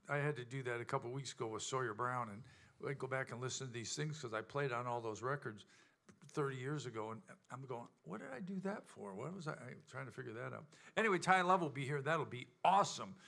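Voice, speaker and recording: A man's voice: mid-range voice, quick pace, bright, forceful tone. A man hosting a casual show, rambling and joking with plenty of fillers. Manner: rambling, jokey, many fillers. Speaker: show host and band member. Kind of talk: casual banter.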